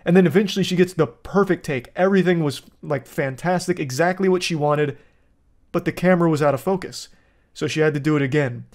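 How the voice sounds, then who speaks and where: Young guy ranting about a show, crude and amused, voice on the high side. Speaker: show reviewer. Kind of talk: casual commentary.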